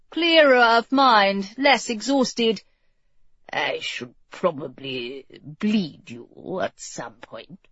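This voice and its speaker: A woman narrating a novel as an audiobook in a measured storytelling style. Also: medium pitch, a bit bright, no room sound. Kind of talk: scripted narration. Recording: dull, dry close-miked audio.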